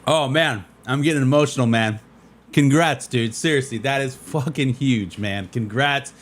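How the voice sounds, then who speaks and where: A man streaming a game, talking casually to his chat, tired and excitable, repeating himself with lots of "dude" and "man". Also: medium pitch, moderate pace.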